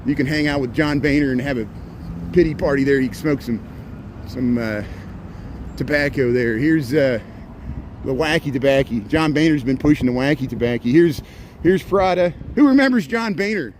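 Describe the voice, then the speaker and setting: A man's voice: mid-range voice, normal speed, a little mellow. A man giving rambling, casual commentary as he walks city streets and livestreams, with sarcastic asides. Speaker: walking-tour livestreamer. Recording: street noise and passing traffic.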